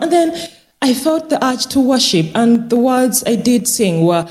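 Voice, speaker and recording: A woman care worker giving a church testimony, telling her story lively and acting out the dialogue. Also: a little high, unhurried.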